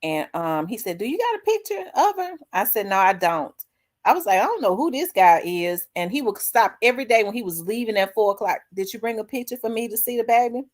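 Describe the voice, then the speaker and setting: A middle-aged woman, hosting her own show and candidly telling a personal story, acting out the dialogue with big swings in her voice. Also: a little fast. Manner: animated, acts out quoted dialogue with big pitch jumps. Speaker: host.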